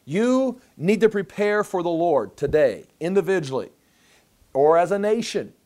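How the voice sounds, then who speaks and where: A man's voice: sits high, sing-song, measured pace, darkish tone. A man teaching a Bible passage as a pastor, in a conversational way, often repeating words as he restarts and reading scripture aloud.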